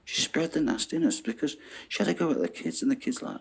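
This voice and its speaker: A man ranting in an animated monologue, swearing and checking in with "yeah?". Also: a little high, a little fast, vocal fry, husky. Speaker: vlogger.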